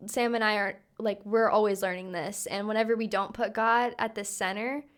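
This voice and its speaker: A woman's voice: mid-range voice, fairly even intonation, moderate pace. A young woman co-hosting a podcast, chatting casually with many fillers. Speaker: podcast co-host. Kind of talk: casual chat.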